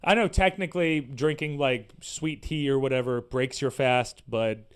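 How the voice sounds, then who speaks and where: A man hosting a podcast, delivering an animated, profane, sarcastic rant in casual slangy talk. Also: medium pitch, moderate pace, clear, resonant tone. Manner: animated, profane, exasperated ranting. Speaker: podcast host. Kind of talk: casual ranting monologue.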